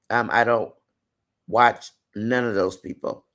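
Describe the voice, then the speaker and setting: A man's voice: fairly low pitch, fairly even intonation, slow pace, fairly bright tone. A man hosting a casual live-stream chat, reading viewer comments aloud and greeting and affirming viewers by name.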